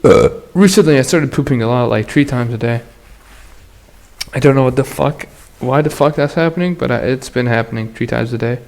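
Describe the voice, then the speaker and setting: A man hosting a solo podcast, drifting from one thing to the next in loose, crude slang and laughing as he goes. His voice has a gravelly, fried edge and sits at an ordinary middle pitch. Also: fairly quick, darkish tone. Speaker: podcast host. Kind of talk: casual solo podcast monologue.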